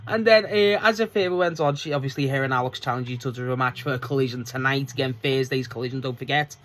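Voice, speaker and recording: A man rambles through a wrestling show review, swearing freely and tripping over restarts. His voice sits at an ordinary middle pitch for a man, casual and unpolished. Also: little pitch movement, quick pace, few pauses.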